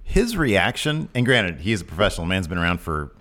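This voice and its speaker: A man co-hosting a podcast, chatting casually about wrestling and acting out quotes with sudden high voices. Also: brisk. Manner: animated, acts out quotes with big pitch jumps. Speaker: podcast co-host. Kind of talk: casual wrestling recap chat.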